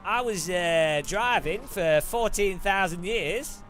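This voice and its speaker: Give me a man doing a drawling, bragging Australian bloke, pitched up high. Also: slow, fairly bright tone, soft background music. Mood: boastful. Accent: put-on Australian. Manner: drawling, stumbling. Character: laid-back Australian bloke, huge exaggerations.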